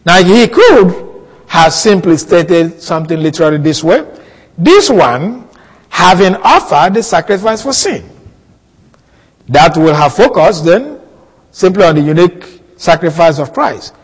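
A man teaching a Bible passage in a sermon, slow and deliberate, repeating key words for emphasis. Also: high voice, sing-song, breathy edge, long reverb tail, low-quality recording. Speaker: preacher.

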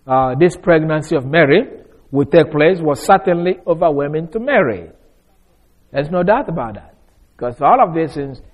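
Male preacher, slightly raised pitch, emphatic, swings loud to soft, verse-by-verse teaching. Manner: repeats and restarts phrases.

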